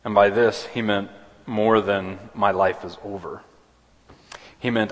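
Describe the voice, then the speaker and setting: A man's voice: fairly low pitch, fairly even intonation, slow pace, long pauses. Earnest male pastor in a reverberant hall. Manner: earnest, with many restarts and repeated words. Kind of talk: sermon. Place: church sanctuary.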